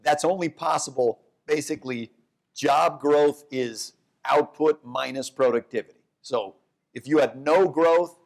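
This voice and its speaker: A man, an economics professor, talking onstage in a lively, fast way that often breaks off and corrects itself. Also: a little high, gravelly. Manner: animated, talks in quick bursts, restarts and corrects himself. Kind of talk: onstage conversation.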